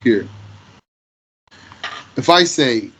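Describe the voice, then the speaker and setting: A man teaching Arabic grammar in English, explaining slowly and patiently and repeating his example phrases. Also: mid-range voice, lively intonation, sharp tone, low-quality recording. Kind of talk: slow classroom explanation.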